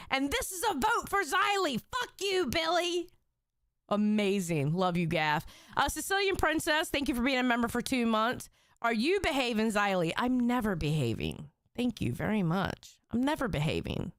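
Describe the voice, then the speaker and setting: A woman's voice: on the high side, a bit bright, clear, resonant tone, no echo, clean studio sound. A woman hosting a casual livestream, emotional and teary, joking and swearing as she chats with viewers. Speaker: livestream host.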